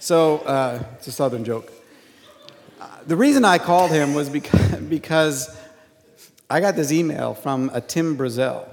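A man speaks casually on stage and keeps joking and laughing. His voice sits somewhat high for a man. Long reverb from the hall trails after each phrase. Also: animated, normal speed, creaky. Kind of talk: casual storytelling to an audience.

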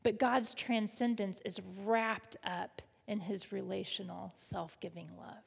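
A woman's voice: mid-range voice, steady tone, unhurried, vocal fry, husky. Woman preaching in a reverberant hall. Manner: conversational, leads the congregation in call and response. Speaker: pastor. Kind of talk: sermon.

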